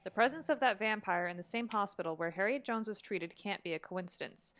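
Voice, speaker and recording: A woman's voice: medium pitch, brisk, fairly bright tone, a little hiss or hum. A young woman hosting a gaming video, chatting casually, laughing often and reading in-game documents aloud. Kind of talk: casual let's play chat, reading game notes aloud.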